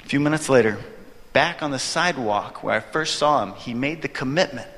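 A man preaching a sermon, telling a story with animated delivery and acting out his own reactions. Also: medium pitch, fairly quick. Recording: long hall reverb.

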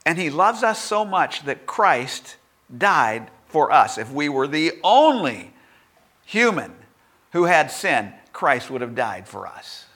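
A man's voice: on the high side, big pitch swings, slow, a bit bright. A middle-aged male pastor preaching a sermon in a conversational way, with humorous asides.

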